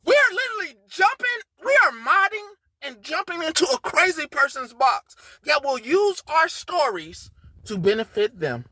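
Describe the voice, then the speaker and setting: Woman ranting with bright, swinging pitch. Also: very animated, moderate pace, no room sound. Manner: profane, swinging between low mutters and shouted outrage. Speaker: livestream host. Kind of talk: heated livestream rant.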